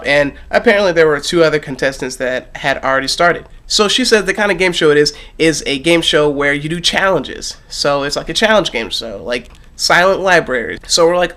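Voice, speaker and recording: A young man with a slightly high voice tells a strange story to the camera. He talks casually and animatedly, jumping between loud bursts and quiet, low asides. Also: lively intonation, a little fast, hardly any pauses. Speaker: vlogger.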